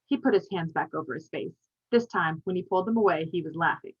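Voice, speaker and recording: A woman reading a children's novel aloud in an expressive storytelling manner. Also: fairly low pitch, fast, slightly rough. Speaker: reader. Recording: dull lo-fi recording.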